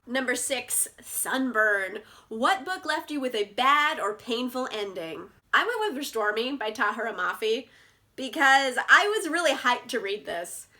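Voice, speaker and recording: A bubbly young woman chatting about her favourite books, her voice high and bright. She gushes and peppers every sentence with "like". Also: big pitch swings, a little slow. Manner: bubbly, gushing, lots of "like" fillers. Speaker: book vlogger. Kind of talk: casual chat.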